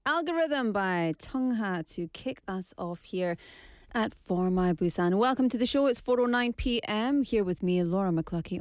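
A chatty middle-aged woman hosting a radio show, with a fairly high voice and a playful, bantering manner. She drops Korean words into her talk. The studio sound is dry and close. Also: animated, moderate pace, dry recording. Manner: chatty, playful, switches between English and Korean. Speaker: radio host. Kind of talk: casual radio show chat. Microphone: studio microphone.

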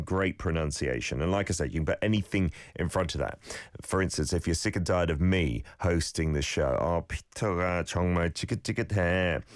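A man hosting a radio show, playfully correcting listeners' pronunciation and repeating phrases slowly. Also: low-pitched, dry recording, clean studio sound. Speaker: radio host teaching Korean phrases. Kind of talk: casual radio lesson.

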